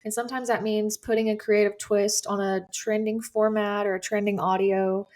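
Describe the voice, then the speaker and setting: Woman guest just chatting easily in an interview, lots of ums, mid pitched. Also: level tone, moderate pace, darkish tone. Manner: chatty, easygoing, with fillers. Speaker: guest content creator. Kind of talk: casual interview chat.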